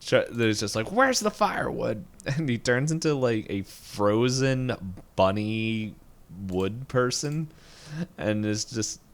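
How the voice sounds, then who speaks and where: On a podcast, a male co-host with a smooth, fairly low voice recaps a cartoon episode. He rambles casually in an animated way, slipping in quick voiced lines from the characters as he goes.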